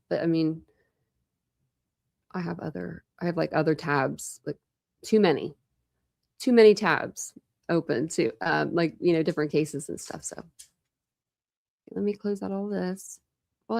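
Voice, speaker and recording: A woman's voice: lowish voice, lively intonation, moderate pace, vocal fry, long pauses, darkish tone. Rambling, chatty woman hosting a livestream. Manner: rambling, filler-heavy, chatty. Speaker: true crime channel host. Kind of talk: casual livestream chat.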